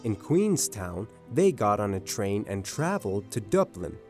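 Male narrator, animated intonation, storybook reading over faint music. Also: on the low side, a little slow. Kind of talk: scripted narration.

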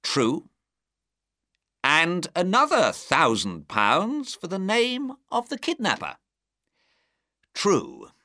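A man voices a tired, older nobleman, proud but shaken, whose words come weary and strained. The voice sits higher than the reader's own low tone and moves freely. It is bright and dry, recorded up close. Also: wildly swooping pitch, slow, long pauses, dry recording, heavily acted. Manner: weary, strained, sometimes sharp.

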